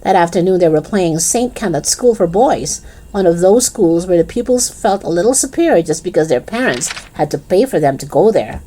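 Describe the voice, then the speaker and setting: Low-voiced woman reading a children's book. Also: lively intonation, moderate pace, dark tone. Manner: playful asides to the reader. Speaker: storyteller.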